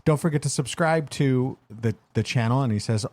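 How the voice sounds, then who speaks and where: A man's voice: medium pitch, moderate pace, darkish tone, no room sound. A man in his thirties co-hosting a podcast, chatting casually and telling jokey stories about his kids and dog. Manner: jokey, tells stories with quoted voices. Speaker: podcast co-host. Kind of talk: casual chat.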